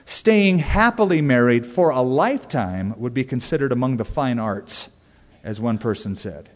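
A pastor giving an expository sermon in a conversational, folksy way with touches of wry humor, dropping to soft stress on key words. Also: male voice, mid-range voice, lively intonation, normal speed. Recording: long hall reverb.

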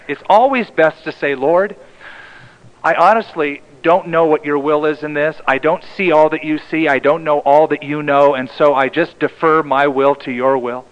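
A male pastor preaching a sermon in an emphatic way, often dropping to a hushed tone for the key lines. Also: fairly high pitch, fairly even intonation, normal speed, muffled recording.

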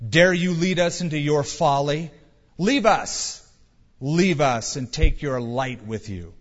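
A man voicing an angry, fearful male cave dweller who shouts indignantly, in a reverberant hall. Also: a little high, slow. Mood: scornful. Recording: reverberant hall, dull sound.

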